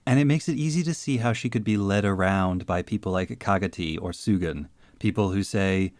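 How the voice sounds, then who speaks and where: Low-voiced man co-hosting a podcast. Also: a little mellow, no echo. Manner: dry joking, measured and reflective. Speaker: podcast co-host. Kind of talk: casual analytical chat.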